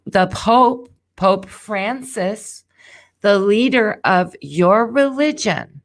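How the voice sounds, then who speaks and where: A woman hosting a live tarot reading, talking in a rambling, tangential way straight to her viewers. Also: medium pitch.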